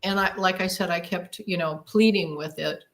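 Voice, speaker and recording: A woman's voice: lowish voice, fairly even intonation, moderate pace, fairly bright tone, slight background noise. A woman being interviewed who tells her story with emphasis and drama, acting out her own inner thoughts as she goes. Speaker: guest.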